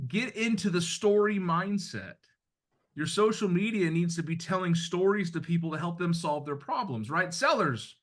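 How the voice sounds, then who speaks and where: A man's voice: high-pitched, animated, fast, a bit bright. A middle-aged man from the United States coaching real estate agents in a blunt, conversational way, with some mild swearing. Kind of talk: motivational talk to agents.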